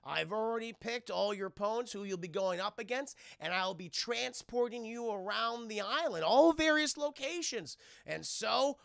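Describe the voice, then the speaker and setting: A man's voice: high-pitched, moderate pace, vocal fry, few pauses, dry recording, studio quality. A man doing a crude, bored sorcerer. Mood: brash. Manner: loud, crude, impatient. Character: brash scheming male sorcerer, bored and crude.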